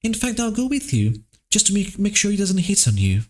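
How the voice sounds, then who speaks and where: A man voicing a bubbly, teasing young woman in a visual novel, in a high put-on voice. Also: wildly swooping pitch, brisk.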